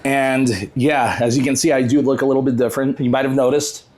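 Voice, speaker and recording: A man's voice: mid-range voice, fairly even intonation, fairly quick, a little mellow. Joking, profane young guy on a podcast. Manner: loose, joking and profane, laughs often. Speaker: podcast host. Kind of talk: casual podcast chat.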